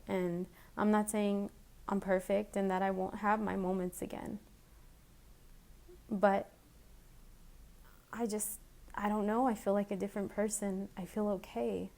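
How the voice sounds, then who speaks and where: Woman, personal video message, emotional, halting, restarts, flat even pitch. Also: creaky. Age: adult with children. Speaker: vlogger.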